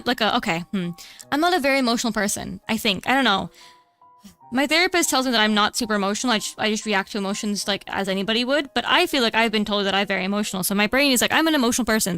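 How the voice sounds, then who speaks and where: A woman's voice: on the high side, bright, forceful tone, smooth, no room sound. A young adult woman streamer chatting casually while drawing, rambling with many fillers and restarts.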